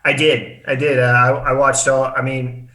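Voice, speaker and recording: Man, podcast guest, mid-pitch voice, halting casual chat, roomy echo, video call. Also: flat delivery, bright, forceful tone.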